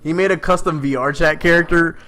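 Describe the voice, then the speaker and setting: A man's voice: fairly high pitch, fairly quick. A man co-hosting a casual podcast, telling stories and acting out quoted lines with bursts of laughter. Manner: animated storyteller, acts out quotes, laughs a lot. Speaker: podcast co-host. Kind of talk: casual chat.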